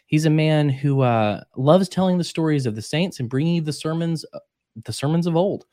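A man's voice: fairly high pitch, brisk, warm tone, no room sound, studio quality. Joking, loose male podcast host. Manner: jokey, loose, rambling. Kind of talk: casual podcast chat.

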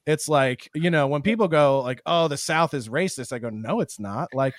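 Male podcast host from Philly; a bit high-pitched, animated, dry close-mic sound. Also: no echo. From Philadelphia, USA. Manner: animated, quick bursts, swears. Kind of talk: casual chat.

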